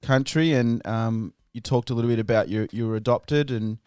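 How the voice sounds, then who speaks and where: A man's voice: medium pitch, normal speed, darkish tone, smooth, no echo, studio quality. A male radio host interviewing a guest in a chatty manner, laughing easily.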